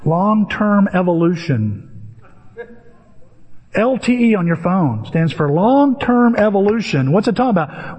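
An older man preaching a sermon as pastor, telling stories in an animated way and acting out the voices of people in them. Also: high voice, unhurried, slightly rough, long reverb tail. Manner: animated storytelling with acted-out voices.

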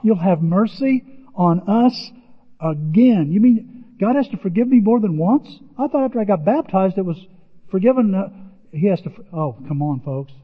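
A man with a high-pitched voice preaches with animated emphasis, repeating his exclamations. The sound rings with a long hall reverb, and the recording is dull and lo-fi. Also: a little fast, slightly rough. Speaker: pastor. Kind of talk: sermon.

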